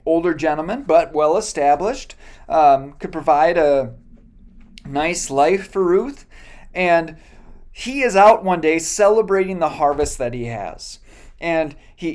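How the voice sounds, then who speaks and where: A pastor giving a sermon, retelling a Bible story in a casual, joking way with many fillers and self-corrections. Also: medium pitch.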